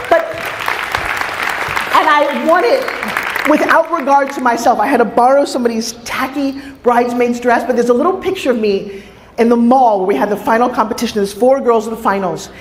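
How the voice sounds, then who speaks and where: A woman with a New York accent giving an energetic motivational stage talk, telling stories with asides to the audience. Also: fairly high pitch. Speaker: motivational speaker. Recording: echoey hall.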